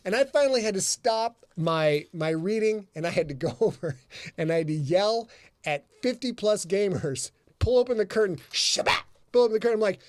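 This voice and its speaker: A man hosting a podcast in casual chat, telling stories in an animated, profane way and putting on loud voices. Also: high voice, fairly quick, no echo. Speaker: podcast host.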